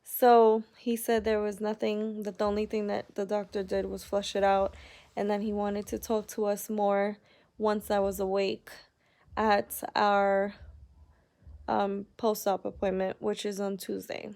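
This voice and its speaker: A young woman speaks to her viewers in a casual personal vlog, her delivery narrow and monotone. Her voice drags with gravelly vocal fry at a middling pitch. She rambles candidly, leaning on "like" and sounding upset. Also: measured pace. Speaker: vlogger.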